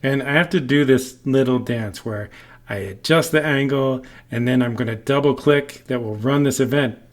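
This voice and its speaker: A man walks through a beginner programming lesson in a medium-pitched voice. He keeps it playful, drifting into silly tangents and jokes. When he acts out an example, he bursts into loud shouts. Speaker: coding teacher. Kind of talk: screen-recorded programming tutorial.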